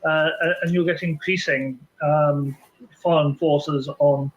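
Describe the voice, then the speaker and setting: A man answering questions in a news interview, slow and hesitant, with many pauses and ums. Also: a little high, steady tone. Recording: dull lo-fi broadcast clip.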